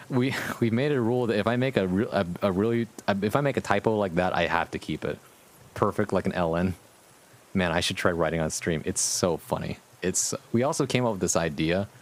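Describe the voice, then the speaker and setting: A man streaming live as a VTuber, chatting casually with his viewers, amused, profane and rambling. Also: low-pitched.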